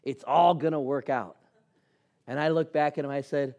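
A man's voice: a little high, moderate pace. A man preaching a sermon, telling personal stories and acting out the dialogue in them. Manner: animated storyteller acting out dialogue. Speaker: pastor.

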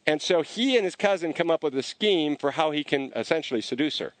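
Animated man preaching, slightly high voice. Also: fairly quick, no echo. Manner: animated, frequent restarts. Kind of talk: conversational sermon storytelling.

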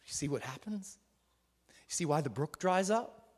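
A male preacher delivering a sermon emphatically, often raising his voice to a shout. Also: a little high, expressive, normal speed. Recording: reverberant hall.

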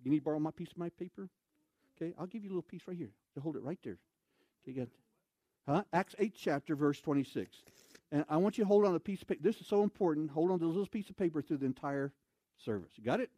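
A man preaching a sermon in a church, telling stories with lively, animated delivery and loud bursts of emphasis. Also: on the high side, fast talker, dry recording. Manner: animated storytelling, acts out voices, shouts for emphasis. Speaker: pastor. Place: church sanctuary.

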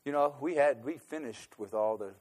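Guy spinning a yarn, gets loud then drops way down, middle-of-the-road pitch. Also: moderate pace. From United States. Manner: animated storyteller, swings between loud emphasis and quiet asides. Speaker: speaker recounting a trip abroad. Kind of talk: personal anecdote storytelling.

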